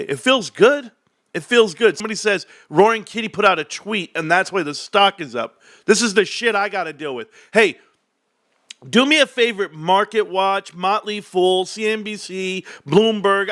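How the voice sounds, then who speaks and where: A man's voice: high-pitched, normal speed, fairly bright tone. A man hosting a casual stock market livestream, brash and boastful, joking with his chat. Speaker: livestream host.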